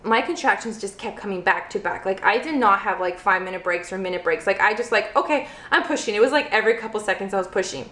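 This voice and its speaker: A woman's voice: medium pitch, fast talker, hardly any pauses, fairly bright tone. A young woman vlogger telling a personal story casually, peppering her speech with "like" fillers. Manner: chatty, heavy use of "like" fillers. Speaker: vlogger, first-time mother. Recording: roomy echo.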